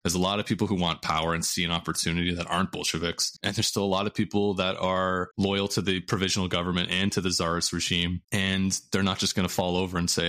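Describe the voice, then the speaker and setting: A man co-hosting a history podcast, telling stories in a casual, animated way and laughing at the funny parts. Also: deep voice, fast, hardly any pauses. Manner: animated, laughs while telling anecdotes, acts out quotes. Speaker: podcast co-host.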